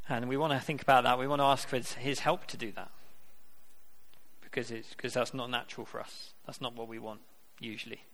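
A man's voice: mid-range voice, level tone, brisk, a bit bright. A man preaching a sermon, earnest and conversational, with rhetorical questions to his congregation.

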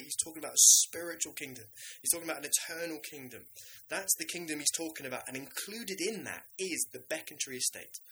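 A man preaching a sermon in a lively, conversational way, now and then acting out the voices of biblical figures. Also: on the high side, slight background noise, rough recording.

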